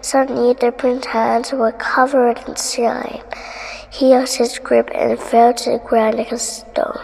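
High-voiced woman reading slowly. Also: flat delivery, vocal fry, darkish tone, long reverb tail, slight background noise, rough recording. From Indonesia. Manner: slow, careful reading with small restarts. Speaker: storyteller. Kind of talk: bedtime story read-aloud.

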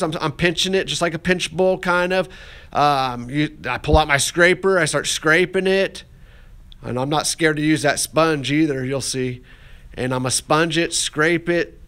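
A man's voice: on the high side, a bit bright. Folksy man teaching a clay lesson. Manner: folksy and encouraging, with many fillers. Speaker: art teacher. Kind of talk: casual classroom demonstration.

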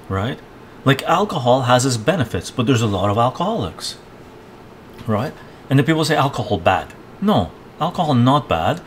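A man in mid-range pitch, chatting on a live stream from what sounds like his home kitchen. He rants and rambles, drifting from point to point and tagging sentences with "right?". A faint hiss sits under his voice. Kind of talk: casual live-stream chat.

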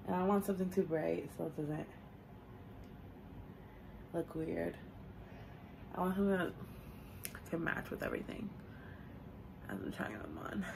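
Young female vlogger, casual swearing chatter, gravelly voice. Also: fairly low pitch, steady tone, normal speed, long pauses, background noise. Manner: chatty, swears casually, talks to viewers while doing her hair. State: has the hiccups. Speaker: beauty vlogger. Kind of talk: casual get-ready-with-me chat.

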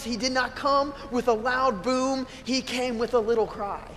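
Man, pastor, sermon, high pitch, chatty storyteller, self-deprecating humor, faint background noise. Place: church sanctuary. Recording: long church-hall reverb with faint room noise.

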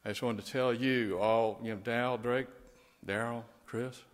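A man's voice: mid-range voice, a little slow, long reverb tail. A man speaking as a pastor, giving a tender funeral eulogy and prayer. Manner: gentle and tender, rising to lively storytelling.

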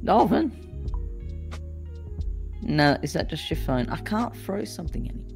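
Co-streamer, woman, fairly low voice, mocking and playful. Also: expressive, fairly quick, vocal fry, faint music behind. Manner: teasing, mock-insulting. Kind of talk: casual gaming stream chat.

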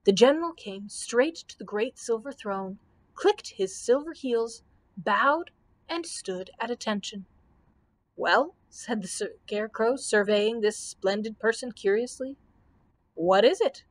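Casting: librarian, woman, storybook read-aloud, bright higher voice, expressive. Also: unhurried.

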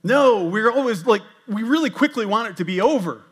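A high, husky voice belongs to an older man who serves as executive pastor, delivering a brisk, casual sermon in church. He pokes fun at himself, jokes freely, and turns to the congregation with animated asides.

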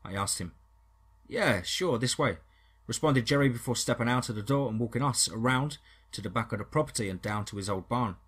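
A man narrating a first-person horror story in a steady, dramatic storytelling manner. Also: mid-range voice, fast, husky.

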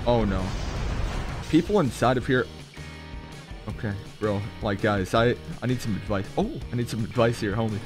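A young man streaming a mobile shooter, talking to his chat with excitable commentary and sudden high yelps and laughs. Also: moderate pace, pauses often, music in the background. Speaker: gaming streamer. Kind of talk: live gameplay commentary.

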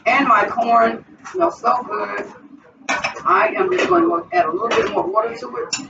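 A woman's voice: fairly high pitch, sing-song, moderate pace. Woman, cooking vlog host, chatty step-by-step talk, home kitchen, noisy background. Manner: chatty, talks the viewer through each step. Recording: distant, dull, noisy home recording.

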